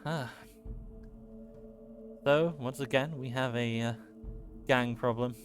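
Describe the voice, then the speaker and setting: A man hosting a playthrough of a role-playing game, reading the on-screen text aloud. He speaks in a halting way, with plenty of ums and uhs, at an average pitch for a man. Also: soft background music. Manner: halting, many fillers, reads text aloud. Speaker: let's play host. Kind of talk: casual game playthrough narration.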